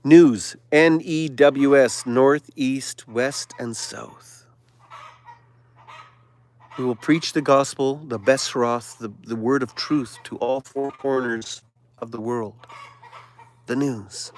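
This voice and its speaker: A man hosting a livestream, giving a preachy monologue that swings from loud declarations to hushed whispers. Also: medium pitch, fairly even intonation, takes it slowly, pauses often. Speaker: livestream host.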